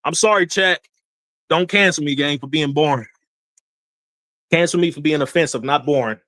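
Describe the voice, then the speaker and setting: Animated man ranting on a livestream. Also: on the high side, moderate pace, no room sound, clean studio sound. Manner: animated, laughing, swearing, repeats himself. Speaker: livestream host. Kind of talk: casual livestream rant.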